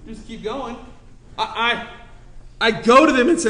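A man's voice: very high voice, unhurried, long pauses, fairly bright tone. A young man preaching a sermon in a passionate, conversational way, joking with the room and repeating points for emphasis. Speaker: pastor.

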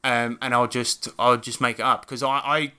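Guy on a gaming podcast, bright crisp voice, swears a lot, keeps laughing and restarting. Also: mid-range voice, level tone, moderate pace. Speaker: podcast co-host and game master. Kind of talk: casual podcast chat.

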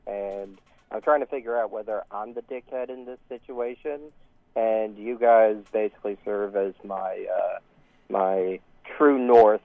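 A man's voice: fairly low pitch, dry recording. A man calling into a show, telling a long story in a rambling way with many restarts and fillers. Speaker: caller. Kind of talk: call-in phone story. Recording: dry tinny phone line.

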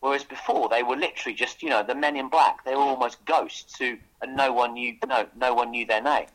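A man being interviewed about his book, telling lively anecdotes with frequent restarts and laughs. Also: medium pitch, a little fast, poor audio. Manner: enthusiastic storyteller with frequent restarts. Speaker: author guest. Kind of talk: casual radio interview chat.

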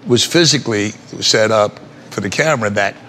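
A man's voice: fairly low pitch, moderate pace, fairly bright tone, slight background noise. An older man, an actor being interviewed, telling rambling, salty stories and laughing as he goes. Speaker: actor guest. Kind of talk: casual anecdotal storytelling.

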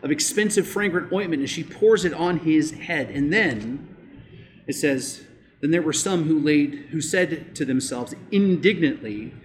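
A man preaching a sermon as pastor, emphatic, rising on key points and dropping low and slow to press them home. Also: expressive.

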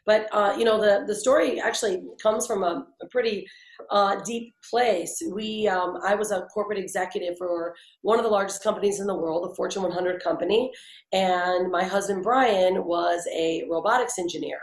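A woman in her forties telling her life story in an interview, chatty and animated, with many fillers and restarts. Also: mid-range voice, moderate pace, echoey room. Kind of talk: conversational storytelling.

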